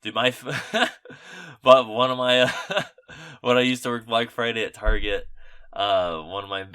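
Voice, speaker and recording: A young male podcast host chats casually, telling rambling stories full of fillers and casual swearing. His medium-pitched voice is unhurried, sharp, clear and resonant.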